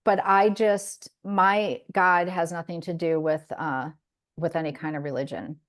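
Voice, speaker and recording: A woman hosts a podcast in relaxed conversation, her voice sitting on the low side. She talks in an earnest, reflective way and often breaks off and restarts her sentences. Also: measured pace. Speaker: podcast host. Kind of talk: casual chat.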